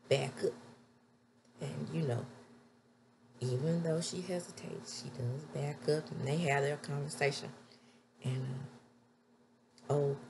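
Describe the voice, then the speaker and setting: A woman recapping a TV episode in a casual, chatty way, with sudden loud high exclamations. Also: gravelly, background noise. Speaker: TV episode reviewer.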